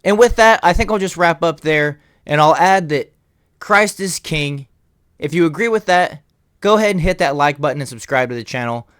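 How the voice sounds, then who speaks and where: A man's voice: fairly high pitch, lively intonation, normal speed, a bit bright, dry recording. Man closing out a video, dry sound. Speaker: channel host. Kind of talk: video outro.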